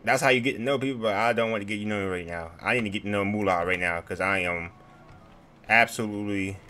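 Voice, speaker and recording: A man's voice: lowish voice, fast talker, pushed and bright. A young man playing a game and giving loose, rowdy commentary full of slang and laughter. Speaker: gaming streamer. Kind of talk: casual gameplay commentary.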